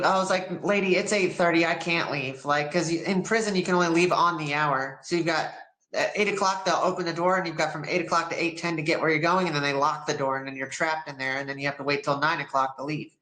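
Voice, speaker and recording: A woman's voice: low voice, reverberant, poor audio. An American woman guest in an interview, telling a story casually and acting out the people in it. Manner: animated, acts out quoted people in her story.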